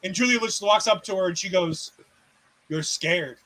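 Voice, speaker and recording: A man's voice: high voice, fast, fairly bright tone, poor audio. A man co-hosting a casual wrestling recap, retelling scenes with sarcastic asides and acted-out quotes. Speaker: co-host.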